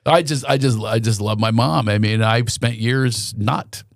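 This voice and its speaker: A male comedian spinning a personal story on a podcast. He talks in an animated way with restarts, at a middle pitch, dry and close. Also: unhurried, creaky, dry recording. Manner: animated, self-interrupting storyteller. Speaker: guest comedian.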